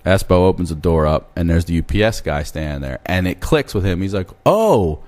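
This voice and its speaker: A man in his thirties telling a long story on a podcast, animated and swearing freely. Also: sits low, quick pace. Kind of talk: casual storytelling chat.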